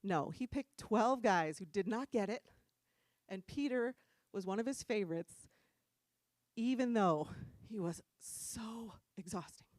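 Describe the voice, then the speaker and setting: A middle-aged woman from New Jersey preaching in a church room, chatty and animated, often laughing at her own stories. Her voice sits at an everyday pitch and sounds close and dry. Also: moderate pace, no room sound. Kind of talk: casual storytelling sermon.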